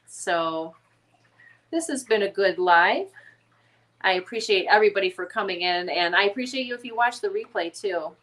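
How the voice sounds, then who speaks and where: A woman's voice: mid-range voice, lively intonation, normal speed, a bit bright. A woman with a nasal Chicago accent hosting a casual live chat, chatty and full of ums. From Chicago area, USA. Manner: chatty, reads comments aloud, many ums. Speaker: livestream host.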